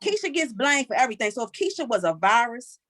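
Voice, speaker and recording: Her voice is a little high and her pace quick as this woman in her forties, with a Washington, D.C. accent, works through a stand-up set. She's sassy and animated, repeatedly tagging lines with "okay?", and there's no room sound.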